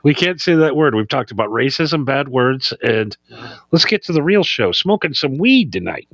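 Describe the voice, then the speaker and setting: Lively joking male podcast co-host. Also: mid-range voice, normal speed, dry recording, highs cut off. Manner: loud joking, laughing a lot. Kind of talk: casual chat.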